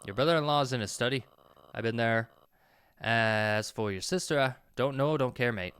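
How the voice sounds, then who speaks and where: A surly, rough stranger from a game who talks bluntly and dismissively, calling people mate, as a man puts on a vague accent for him. The delivery moves around in pitch. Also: animated, fast talker, bright, forceful tone.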